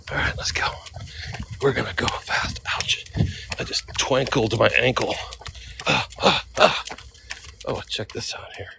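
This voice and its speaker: A man's voice: on the low side, a bit bright, a little hiss or hum. A man live-streaming outdoors on seaside cliffs into a handheld phone, chatting casually and reading out viewer names to thank them. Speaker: livestreamer.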